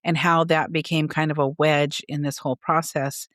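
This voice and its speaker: A woman's voice: low voice, level tone, normal speed, fairly bright tone, no room sound, clean studio sound. A woman co-hosting a podcast, talking earnestly about a holiday movie's characters in a casual chat. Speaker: podcast co-host.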